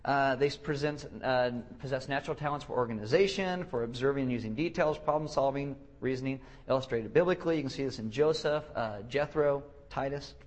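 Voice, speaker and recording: A young male pastor with a voice that sits in the middle, neither high nor low, preaching in a loose and joking way. He stumbles and repeats his words, and he slips into short put-on voices to poke fun at people. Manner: joking, self-deprecating, acts out quick voices; halting restarts and repeated words. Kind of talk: casual sermon teaching.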